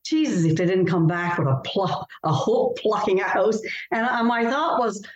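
Expressive woman novelist in a roomy room. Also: mid-range voice, normal speed. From Canada. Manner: earnest, expressive storyteller. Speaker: novelist guest. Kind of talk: interview conversation. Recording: roomy, dull lo-fi sound.

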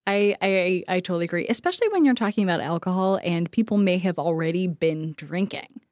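An American woman talks through a relaxed podcast conversation, full of fillers and quick laughs. She slips into playful voices whenever she quotes someone. The sound is dry and close, with no room around it. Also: on the low side, dry recording. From United States. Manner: animated, acts out quoted dialogue in shifting voices; laughs often, filler-heavy. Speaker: podcast co-host. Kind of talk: casual chat.

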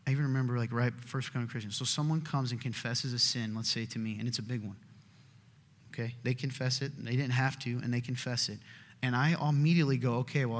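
A man preaching a sermon, passionate, swinging between emphatic and hushed delivery. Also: mid-range voice. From Southern United States. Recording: reverberant hall.

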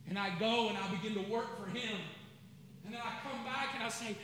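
Passionate male preacher, high bright voice, lots of hall echo. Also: brisk, slight background noise. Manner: passionate, dramatic, acts out prayers. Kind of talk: sermon. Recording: long reverb of a large hall.

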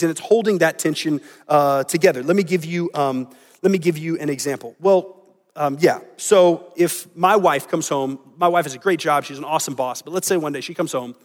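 Male pastor, fairly high voice, conversational sermon, long hall reverb. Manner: conversational, acts out quoted lines.

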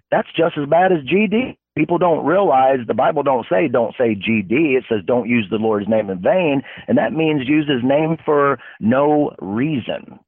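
A man hosts a casual faith talk in a blunt, preachy, fired-up way. His voice sits at an ordinary pitch. It comes through a narrow, telephone-like band with no room sound at all. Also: moderate pace, few pauses, husky, no room sound. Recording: narrow phone-like dry sound.

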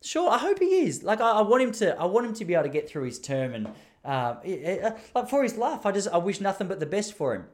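Joking Australian man, fairly high voice. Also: wildly swooping pitch, quick pace, a little mellow. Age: 30s. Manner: rambling, joking, laughs often. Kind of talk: casual monologue.

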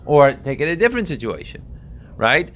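A man's voice: a little high, big pitch swings, moderate pace, fairly bright tone, a little hiss or hum. Casual man teaching a class. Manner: conversational, frequent asides and checks with "right?". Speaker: Torah teacher.

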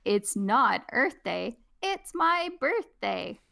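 A woman voicing a silly, boastful young male monkey in a storybook reading, with a high, drawn-out sing-song delivery. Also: very animated, vocal fry, sharp tone, exaggerated voice. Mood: proud.

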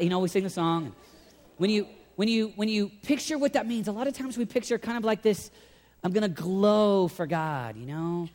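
A man preaching from the pulpit with a high, bright voice for his sex. He swings between forceful, raised emphasis and low, hushed intensity. The sound rings with the long reverb of a large church hall. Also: a little fast. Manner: animated, swings from loud emphasis to quiet intensity. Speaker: pastor. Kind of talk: sermon.

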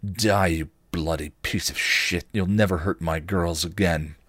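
A protective vampire speaks in short, gruff bursts and curses freely, read by a man in a low voice. The sound is dry and close to the mic. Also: fairly even intonation, a little slow, fairly bright tone, dry recording.

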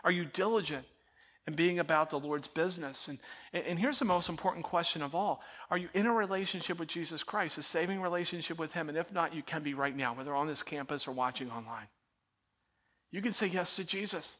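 A middle-aged male pastor preaching in a church auditorium, his voice high-pitched and bright. He tells stories with lively, self-mocking energy and then softens into quiet, earnest prayer. The delivery is warmly conversational, like a man talking straight to his congregation. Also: brisk. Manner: animated storytelling, self-mocking, turning quiet and prayerful at the close. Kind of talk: sermon.

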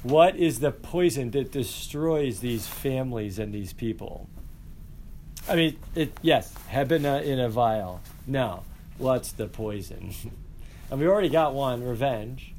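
A male teacher lecturing a class in an energetic, conversational way, asking the students questions. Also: medium pitch, unhurried, slight background noise.

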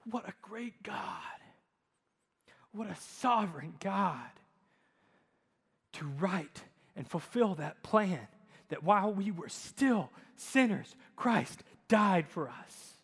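A man preaching a sermon as pastor, telling stories with dramatic swings in loudness. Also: high-pitched, takes it slowly, vocal fry, breathy edge. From United States. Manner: animated storytelling, dramatic shifts in loudness. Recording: long hall reverb.

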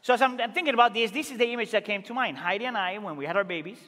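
Preaching at a very fast clip in a church sanctuary, this male pastor has a strikingly high, bright voice. He alternates between emphatic, rising exclamations and quiet, low asides, all wrapped in a long church-hall reverb.

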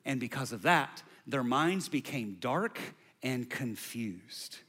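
A man preaching a sermon, emphatic and conversational, with asides to the congregation and swings from loud bursts to quiet lines. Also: mid-range voice, animated, takes it slowly. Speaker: pastor.

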